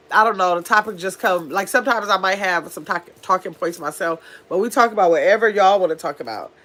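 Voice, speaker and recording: A woman's voice: medium pitch, sharp tone. A woman hosting a casual home livestream, chatting with viewers and reading out their comments. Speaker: livestream host. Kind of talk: casual live chat with viewers. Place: at home in pajamas.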